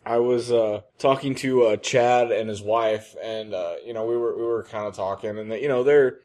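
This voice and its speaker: A man's voice: fairly low pitch, steady tone, moderate pace, a little mellow. Rambling man in his thirties, podcast storyteller. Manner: rambling, many fillers and restarts. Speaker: podcast co-host. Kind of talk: casual comedic chat.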